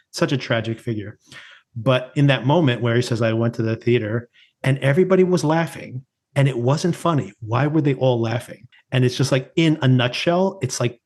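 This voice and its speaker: A man of ordinary pitch co-hosts a casual podcast. He retells scenes from a TV episode with frequent laughter, in a loose, chatty way. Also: darkish tone. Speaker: podcast co-host. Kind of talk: casual chat reviewing a TV episode.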